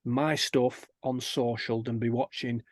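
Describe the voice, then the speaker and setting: A man, an energetic guest in an interview, telling stories and acting out the people he quotes. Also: medium pitch, unhurried, dry recording, studio quality. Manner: energetic storyteller who acts out quoted people. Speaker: guest, kindness campaigner. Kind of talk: animated interview chat.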